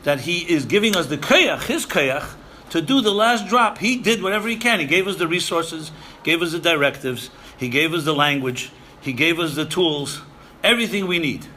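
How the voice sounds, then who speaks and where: Emphatic bright-voiced man lecturing. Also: a little high, animated, normal speed, few pauses, a little hiss or hum. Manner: emphatic, repeats phrases, Yiddish and Hebrew terms. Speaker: rabbi lecturing seminary students. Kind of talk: sermon-style lecture.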